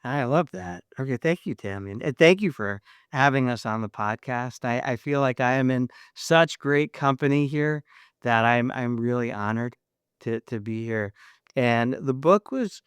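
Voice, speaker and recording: A man, a therapist, chatting as a podcast guest, playful and animated as he acts out his own thoughts. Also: medium pitch, moderate pace, clear, resonant tone, dry recording, studio quality. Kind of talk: casual interview chat.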